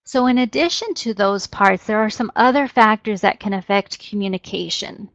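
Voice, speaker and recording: A woman's voice: mid-range voice, normal speed, no room sound. A woman presenting an educational webinar. She explains steadily and opens many sentences with "so". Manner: explanatory, steady, frequent "so" as a lead-in. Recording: dull, dry webinar audio.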